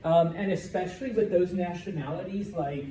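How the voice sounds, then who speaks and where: Male language teacher, mellow tone, roomy classroom sound with faint noise. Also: high voice, normal speed. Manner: checks in with "okay?" after each point. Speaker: Spanish teacher. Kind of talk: classroom lecture.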